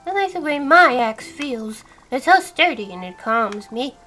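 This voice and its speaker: A woman voicing a fretful, axe-loving woodcutter spirit from a cozy game, in a high, sing-song, fussy voice while reading the dialogue aloud. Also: expressive, measured pace, pushed and bright, a little hiss or hum, exaggerated voice.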